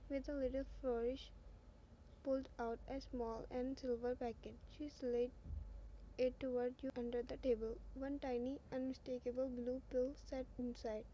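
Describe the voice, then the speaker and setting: High, flat-voiced woman narrating a story. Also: moderate pace, dull audio, a little hiss or hum. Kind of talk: fan fiction story narration.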